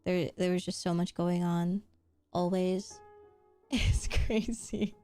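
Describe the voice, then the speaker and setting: A woman's voice: on the low side, steady tone, slow, mellow, clear, resonant tone, faint music behind. A woman streamer chatting casually with her viewers while drawing, answering chat, giggling often and swearing offhandedly.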